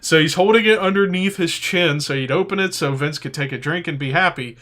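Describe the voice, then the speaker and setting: A man co-hosting a podcast, telling stories in a casual chat, animated and often laughing as he acts out voices. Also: fairly high pitch, fairly quick, hardly any pauses. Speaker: podcast co-host.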